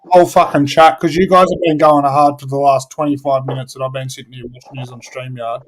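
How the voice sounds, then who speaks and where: Fast-talking man, noisy mic. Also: medium pitch, flat delivery. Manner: quick, eager interjections. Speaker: stream co-host.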